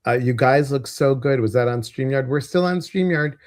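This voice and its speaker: A man's voice: medium pitch, normal speed, darkish tone, dry recording, studio quality. A man with a Midwestern American accent hosting a casual livestream, chatty and rambling with lots of fillers. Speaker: host.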